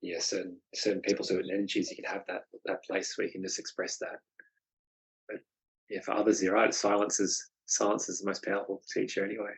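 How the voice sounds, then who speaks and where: A man hosting a casual podcast chat, soft-spoken, agreeable and reflective. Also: deep voice, level tone, a little fast, slightly rough, rough recording. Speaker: podcast host.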